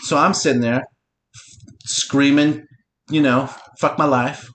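A man's voice: medium pitch, steady tone, takes it slowly, a bit bright, a little hiss or hum. A middle-aged man hosting a podcast and telling a long story in a casual, profane, teasing way. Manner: profane, teasing, talks to his listener directly. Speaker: podcast host.

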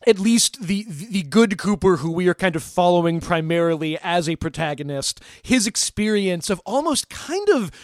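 High-voiced man, animated podcast talk. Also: moderate pace, hardly any pauses, no room sound, studio quality. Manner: animated, mock-emotional, rambling. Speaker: podcast co-host. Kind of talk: casual podcast discussion.

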